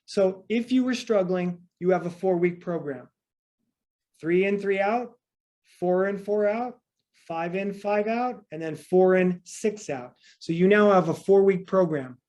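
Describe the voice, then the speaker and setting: Calm man, slightly high voice, breathing coach. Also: dull audio. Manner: calm, counts breaths slowly and softly. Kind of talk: guided breathing exercise and explanation.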